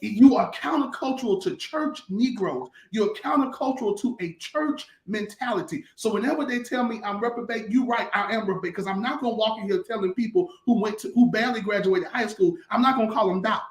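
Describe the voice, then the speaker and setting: A pastor teaches in a conversational, talk-show style, telling stories casually and emphatically with a lot of repetition. His high voice is brisk with few pauses, and the sound is roomy.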